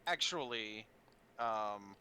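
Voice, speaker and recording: A man running a tabletop game as dungeon master, relaxed and chuckling, now and then cooing to his cat. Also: on the low side, very slow, noisy background.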